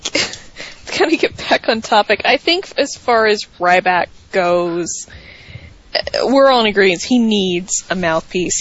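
Female co-host, casual and thoughtful, muffled lo-fi sound. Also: medium pitch. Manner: thoughtful, measured, says her views at length. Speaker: podcast co-host. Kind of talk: casual chat.

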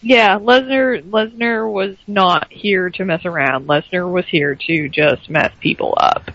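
Bright, sarcastic woman co-host. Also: on the low side, measured pace, a little hiss or hum. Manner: sarcastic, dry commentary. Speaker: wrestling podcast co-host. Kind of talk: casual wrestling recap chat. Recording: dry, muffled lo-fi stream.

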